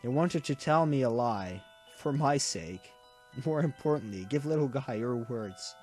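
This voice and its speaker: A man reading a dying gentle father. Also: mid-range voice, lively intonation, measured pace, faint music behind, lightly acted. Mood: tender, fading. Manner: soft, weakening, tender.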